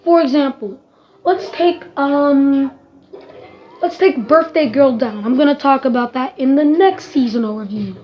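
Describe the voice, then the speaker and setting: High-voiced woman ranting through a review. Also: measured pace, soft background music. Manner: exasperated, ranting, emphatic; swears casually. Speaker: TV episode reviewer. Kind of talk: casual spoken review. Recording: dull lo-fi recording.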